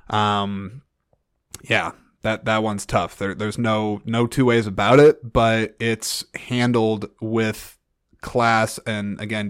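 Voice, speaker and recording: A man's voice: lowish voice, no room sound, studio quality. A man hosting a solo film podcast, talking in an earnest, rambling way with frequent restarts and fillers. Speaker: podcast host.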